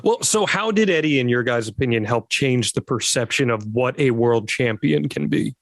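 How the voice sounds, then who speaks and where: A man co-hosting a podcast, asking steady follow-up questions in casual interview chat. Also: mid-range voice, moderate pace, dry recording.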